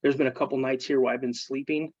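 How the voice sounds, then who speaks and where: A man's voice: mid-range voice, fast talker, no room sound, highs cut off. A man, a military veteran, casually telling ghost stories from his service and acting out his friends' voices. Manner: animated, acts out friends' voices. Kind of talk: casual storytelling.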